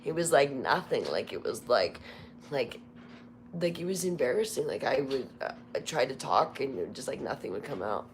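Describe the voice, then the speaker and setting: A hoarse woman hosting a casual live stream, talking in a candid, rambling, confessional way. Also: rumbling low, very animated, moderate pace, slight background noise. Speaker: livestream host. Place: Las Vegas home.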